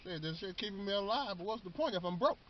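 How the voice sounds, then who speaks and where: A man putting on the voice of a weary, broke old person, grumbling in a strained, very high falsetto. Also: animated, quick pace, slight background noise. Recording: dull lo-fi recording.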